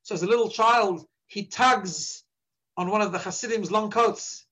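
A man's voice: high-pitched, normal speed, a bit bright, breathy edge, rough recording. A man giving an earnest sermon as a rabbi, repeating words as he searches for his phrasing. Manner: drops into Yiddish when quoting.

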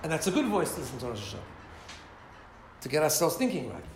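Speaking briskly in a slightly high voice, a rabbi leads a casual Torah class, his tone rising and falling with rhetorical questions to his listeners. He's animated and sprinkles in Hebrew and Yiddish, with roomy echo and faint ambience behind him.

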